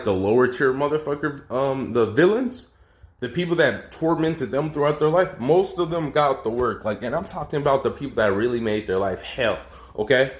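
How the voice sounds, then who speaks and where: A man casually retelling a fan story, rambling with lots of fillers and crude slang. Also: medium pitch. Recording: roomy echo.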